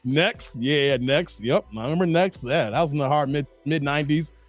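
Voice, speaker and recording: A man's voice: on the high side, normal speed, soft background music. A man in his forties hosting a casual livestream, chatting with viewers, laughing often and breaking into bits of song. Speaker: host reading live chat.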